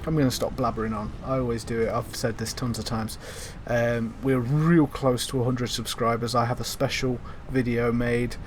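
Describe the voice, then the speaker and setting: A man's voice: medium pitch, steady tone, moderate pace, hardly any pauses, slight background noise. A young man hosting his gaming channel, chatting casually over gameplay in a rambling way, full of ums and the odd swear word. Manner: rambling, filler-heavy, sweary.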